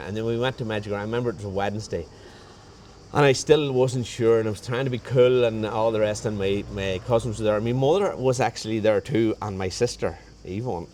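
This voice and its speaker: A man's voice: lowish voice, a little mellow, slight background noise. A man telling a personal story in a rambling, conversational way, often restarting his sentences. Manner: rambling, with frequent restarts and reported dialogue. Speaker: guest sharing a faith testimony.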